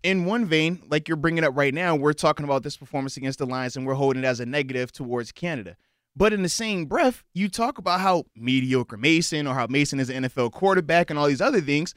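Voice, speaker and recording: A man's voice: on the high side, fast talker, fairly bright tone, smooth, no room sound, clean studio sound. A man co-hosting a casual sports talk show, building his case with pointed questions. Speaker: sports podcast co-host.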